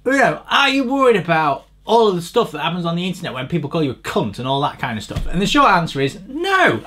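A man reviewing a bike frame in a crude, rambling, sardonic way, swearing freely and shifting between mumbled asides and louder rants. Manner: swearing, rambling, sardonic, pitch jumps up when ranting. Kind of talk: crude comedic tech review.

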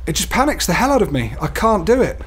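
A man's voice: high voice, big pitch swings, quick pace, a bit bright, husky. A man giving horror game commentary, muttering to himself and swearing freely. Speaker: gaming YouTuber. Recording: game music playing under the voice.

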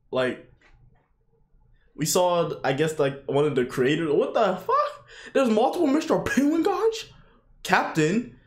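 A young man reacting to an anime episode in casual commentary, swearing a lot, shouting "yo" and "bro" and bursting into high laughing yelps. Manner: excitable, swearing, frequent "yo" and "bro" exclamations.

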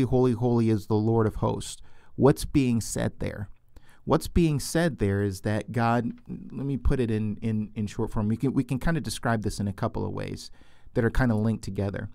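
A man's voice: fairly low pitch, vocal fry, darkish tone, no room sound, clean studio sound. A man teaching from the Bible in a loose, unscripted way, often restarting and repeating words, and asking questions that he answers himself.

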